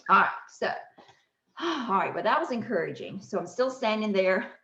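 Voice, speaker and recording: A woman hosting a podcast, telling a personal story with lively laughter and acted-out voices. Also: mid-range voice, moderate pace. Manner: animated, laughs often, acts out voices. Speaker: podcast host. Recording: roomy, slightly dull audio.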